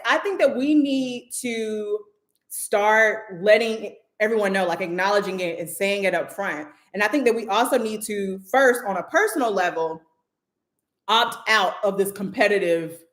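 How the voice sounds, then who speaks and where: A mid-range female voice in an echoey room belongs to a livestream host and moderator who keeps things casual, loose, and heavy on "like" fillers.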